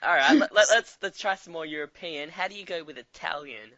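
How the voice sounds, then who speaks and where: A man's voice: a little high, fairly quick, pushed and bright, no room sound. Giggly male interviewer. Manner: friendly, laughs often, hesitant restarts. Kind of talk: casual interview chat. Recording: dry, slightly muffled call audio.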